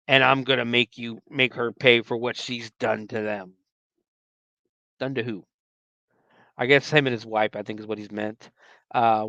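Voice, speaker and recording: A man hosts a podcast and recaps a movie in a loose, rambling way. He corrects himself often and acts out the characters' lines. His smooth voice sits a little high, and the close mic keeps the sound dry. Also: dry recording, rough recording. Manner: rambling, animated, frequent fillers and self-corrections. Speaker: podcast host.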